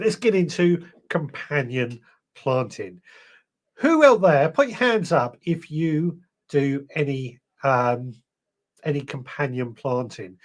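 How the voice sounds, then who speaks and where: Chatty man hosting a live stream. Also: fairly high pitch. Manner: chatty, greets viewers one by one. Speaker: podcast host. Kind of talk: live stream chat reading viewer comments.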